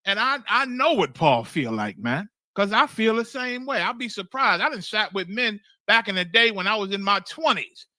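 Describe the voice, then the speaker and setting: A man leads a streamed scripture class in a high, intensely bright voice. His delivery is blunt and emphatic, laced with profanity, and he circles back over phrases to drive them home. The sound is close and completely dry. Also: no room sound. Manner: emphatic, blunt, swears freely, keeps asking "you understand?"; repeats and restarts phrases for emphasis. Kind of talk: streamed scripture teaching, sermon-like.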